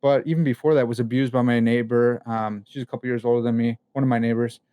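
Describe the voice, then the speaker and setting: A young man as a podcast guest, telling personal stories in a candid, animated way full of casual slang and fillers. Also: mid-range voice, fast, smooth, no echo. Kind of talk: casual conversation.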